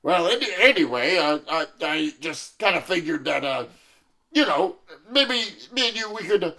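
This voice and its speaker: Man doing a smooth-talking, coughing suitor. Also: on the high side, sing-song, moderate pace, pushed and bright, exaggerated voice. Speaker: improv performer. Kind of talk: improvised audio comedy.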